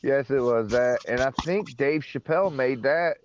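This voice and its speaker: A man's voice: medium pitch, normal speed, muffled recording, slight background noise. A man chatting on a livestream panel, recounting things in a rambling, hesitant way. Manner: rambling storyteller, hesitant fillers. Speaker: panel member. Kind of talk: casual chat on a livestream panel.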